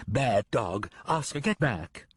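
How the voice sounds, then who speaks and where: A man's voice: sing-song, slow pace, husky, no room sound, heavily acted. A man doing a frightened frontier woman. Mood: pleading. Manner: pleading, raised pitch.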